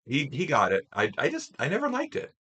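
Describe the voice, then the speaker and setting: A man's voice: a little high, wildly swooping pitch, a little fast, bright, forceful tone, breathy edge. A man from Tennessee co-hosting a livestream, speaking in casual chat with short interjections and stammered restarts. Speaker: livestream co-host.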